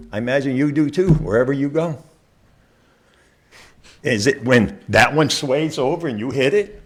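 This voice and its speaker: A man giving a public comment to a city council in an earnest, conversational and slightly rambling way. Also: fairly high pitch.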